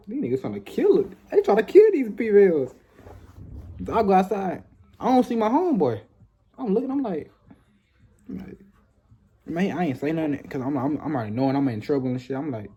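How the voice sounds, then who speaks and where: Young man, husky and mellow, rambling profane storytime delivery. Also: on the high side. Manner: rambling, repetitive, profane slang. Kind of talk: casual storytime.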